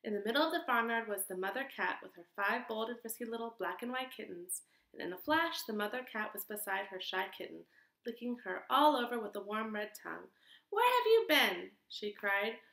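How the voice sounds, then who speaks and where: Woman reading a storybook aloud, gravelly edge. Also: mid-range voice, a little fast. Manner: expressive, sing-song storybook reading. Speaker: teacher. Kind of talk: reading a picture book aloud to children. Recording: echoey room.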